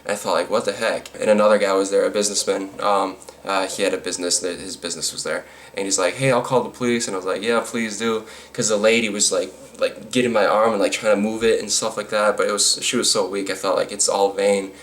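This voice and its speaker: A man's voice: sits low, little pitch movement, fast, hardly any pauses, a bit bright, a little hiss or hum. A man telling a storytime vlog, rambling with lots of fillers and restarts, with a sarcastic edge. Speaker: vlogger.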